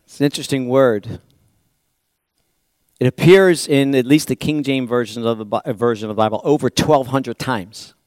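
A man's voice: medium pitch, moderate pace, darkish tone, dry recording. A man pastor preaching a sermon in a church, talking in a conversational, rambling way with restarts and repeated words.

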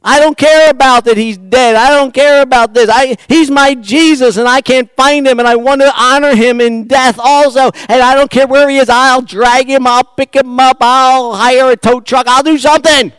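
A man preacher voicing a desperate, grieving woman who pleads loudly to find her lord. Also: extremely high pitch, monotone, rapid-fire, gravelly, hardly any pauses, no echo, pitched above the performer's own voice. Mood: desperate pleading. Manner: pleading, loud and insistent.

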